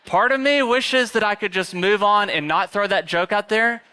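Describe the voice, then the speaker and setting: A man's voice: high-pitched, normal speed, sharp tone, clear, resonant tone. A male pastor giving a chatty, conversational sermon with humorous asides and plenty of fillers.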